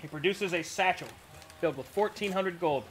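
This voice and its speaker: A man running a tabletop game online as game master, brisk and upbeat, with quick scene-setting over a desktop mic. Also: high voice, slight background noise.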